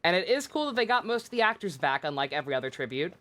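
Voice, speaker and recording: A woman's voice: lowish voice, big pitch swings, rapid-fire, fairly bright tone. A woman livestreaming a game, chatting casually in a rambling way with many restarts and frequent swearing. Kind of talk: casual gameplay commentary.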